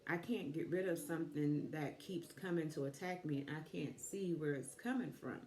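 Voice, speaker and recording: A woman in her fifties, a life coach giving a motivational talk, telling a personal story reflectively with pauses. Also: sits low, a little mellow. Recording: echoey room.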